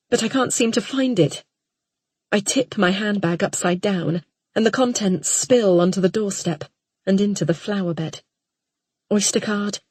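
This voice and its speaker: Female audiobook narrator, unhurried and intimate, breathy tone, dry booth recording. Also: mid-range voice, a little mellow, no echo. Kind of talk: first-person audiobook narration.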